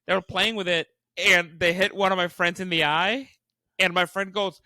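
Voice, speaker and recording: A young man, a stand-up comedian and podcast co-host, telling animated stories with lots of swearing and acted-out quotes. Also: sits high, fast talker, no room sound. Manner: animated, acts out quotes, swears often, laughs while telling. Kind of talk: casual storytelling chat.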